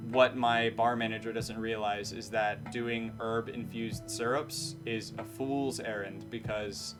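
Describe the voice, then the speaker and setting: A man chats on a live stream in a plain, matter-of-fact way. His sentences drop at the end instead of lifting, and he wanders and corrects himself as he goes. Guitar music plays clearly under his voice. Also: mid-range voice. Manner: matter-of-fact, falling inflections; rambling, self-correcting. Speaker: streamer and bartender. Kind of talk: casual live-stream chat. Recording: music playing behind.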